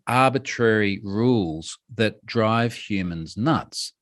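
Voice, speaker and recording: A man giving a conference talk, lively and humorous, with quick asides. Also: fairly low pitch. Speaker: speaker giving a talk on password security.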